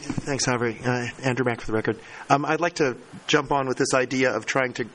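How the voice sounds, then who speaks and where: A man speaking up at a working group meeting, talking fast and repeating words while he searches for phrasing. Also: medium pitch, fairly even intonation, fairly bright tone. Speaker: meeting participant. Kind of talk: meeting discussion.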